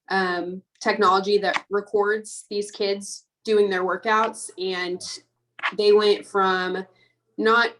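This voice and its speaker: A woman's voice: medium pitch, fairly bright tone, poor audio. A young woman, a real estate agent, earnestly answering a coach's questions on a group call.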